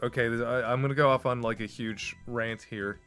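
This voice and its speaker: A man's voice: medium pitch, steady tone, fairly quick, fairly bright tone, clear, resonant tone, soft background music. A man streaming and going off on a casual, profane, emphatic rant. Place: home streaming setup.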